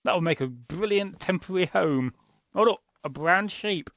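A man's voice: sits high, expressive, normal speed, vocal fry, a bit bright, no room sound. A man giving chatty, joking running commentary as the host of a gaming channel. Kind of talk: casual gameplay commentary.

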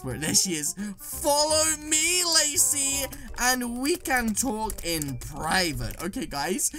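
A woman giving excitable gaming commentary, reacting with dramatic exclamations. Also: on the high side. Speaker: gaming YouTuber.

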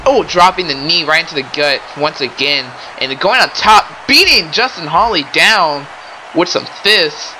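A young man doing excitable play-by-play wrestling commentary, often exclaiming and addressing the audience. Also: on the high side, unhurried, a little hiss or hum, low-quality recording. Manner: excitable, keeps exclaiming and saying ladies and gentlemen.

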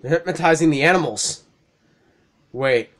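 A young man with a fairly high voice provides casual let's play commentary at normal speed. He's profane and excitable, laughing often and getting worked up at the screen.

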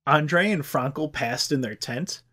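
A podcast host with a slightly high, sharp voice tells a history story at a measured pace. His storytelling is casual, loose, chatty and profane.

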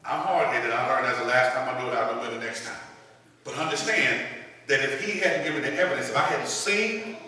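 A man's voice: medium pitch, a little fast, bright, forceful tone. Preaching man in an echoey church. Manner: folksy preaching with call-and-response. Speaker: minister. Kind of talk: sermon. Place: church sanctuary. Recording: echoey church hall from far off.

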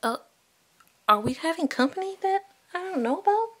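A woman's voice: very high voice, animated, normal speed, voice pushed up. A woman voicing a sulky, jealous male doll boyfriend in a toy play video, whining and complaining. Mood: whiny.

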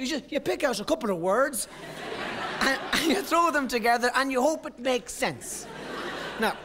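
A man in his thirties with an Irish accent, performing live stand-up on stage, telling stories in a rambling, self-interrupting way. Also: very high voice. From Ireland. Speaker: stand-up comedian. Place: stage in a live comedy venue.

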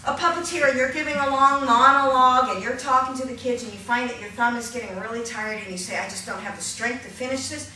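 A woman leading a hands-on puppetry workshop, energetic and upbeat, laughing often and counting the group along. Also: on the high side, fast, few pauses. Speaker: puppetry instructor. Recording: echoey room from a distance, noisy.

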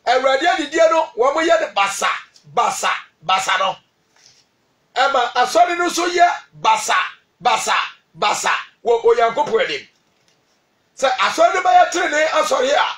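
Ghanaian male preacher, very high voice, slow emphatic delivery, distant from the mic. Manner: emphatic, shouting key phrases and slowing to stress scripture. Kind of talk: radio sermon.

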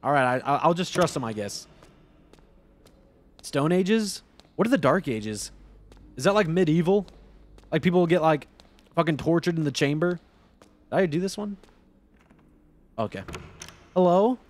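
A man streaming a game live, commenting casually and excitably, swearing and laughing as he plays. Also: a little high, a little slow, pauses often.

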